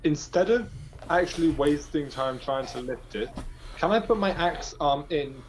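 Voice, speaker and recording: A man playing in a tabletop game, eagerly pitching ideas to the game master. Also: expressive, moderate pace, slight background noise, low-quality recording. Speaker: player. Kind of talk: casual chat.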